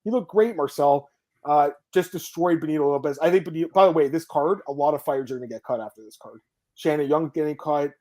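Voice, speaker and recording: Fast-talking excitable male podcast host. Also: a little high. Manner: excitable, swears, reads viewer comments. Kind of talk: casual sports chat.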